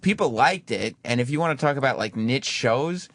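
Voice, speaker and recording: A man's voice: mid-range voice, animated, normal speed, fairly bright tone, no echo. Male radio co-host, level and reasoned, dead-dry studio sound. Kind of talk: casual talk radio discussion.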